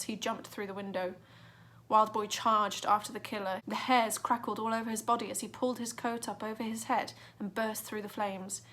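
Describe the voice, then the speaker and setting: A woman's voice: mid-range voice, fairly bright tone. A woman reading a children's adventure book aloud with dramatic expression. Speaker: narrator. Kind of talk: storybook reading.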